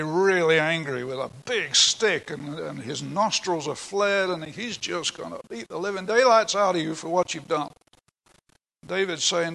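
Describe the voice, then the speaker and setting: A man's voice: on the high side, creaky, a bit bright, poor audio. An older man preaching a sermon, earnest and emphatic, explaining scripture in plain words with a few asides. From England.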